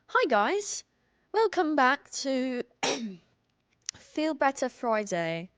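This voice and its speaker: A young woman plays a hammy put-on British voice, theatrical and mock-indignant. She pitches up and lets the lines swoop. The sound is dry and close, with no room around it. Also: sing-song, very slow, fairly bright tone, no echo, exaggerated voice. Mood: playful. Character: woman putting on a playful fake British voice.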